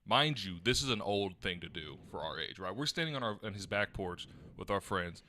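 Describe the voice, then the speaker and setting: A man's voice: on the low side, animated, a little fast, sharp tone, a little hiss or hum. A man in his twenties co-hosting a podcast, chatting casually and telling stories with a laugh. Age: 20s. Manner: laid-back, laughing storyteller. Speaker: podcast co-host. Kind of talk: casual chat.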